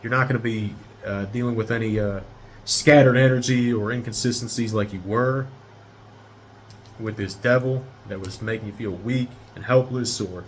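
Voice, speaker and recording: A man's voice: lowish voice, fairly even intonation, moderate pace, a little hiss or hum. Rambling, cursing tarot reader guy. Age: 30s. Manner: rambling and profane, talks straight to viewers. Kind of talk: casual tarot reading.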